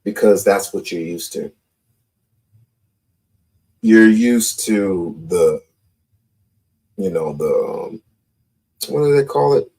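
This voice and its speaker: A man's voice: low voice, expressive, slow pace, long pauses, mellow. A man hosting a live call-in stream, talking confrontationally and repeating his points. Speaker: livestream host.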